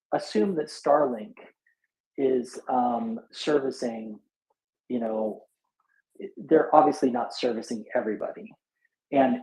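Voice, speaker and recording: A tired man working through rough numbers out loud in casual chat, halting and full of fillers and restarts. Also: medium pitch. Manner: halting, thinks aloud with many fillers and restarts. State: tired after a sleepless night. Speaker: speaker in a live audio chat room. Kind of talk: casual back-of-envelope reasoning. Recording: echoey room.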